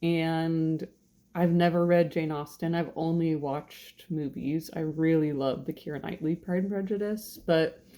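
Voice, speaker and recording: A woman in her late thirties talks casually and rambles a little as she introduces her channel from her kitchen at home. Her voice sits a bit low for a woman, and she pokes fun at herself as she goes. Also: fairly even intonation, measured pace, dark tone. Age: 30s. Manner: chatty and rambling, self-deprecating, frequent laughs. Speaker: channel host.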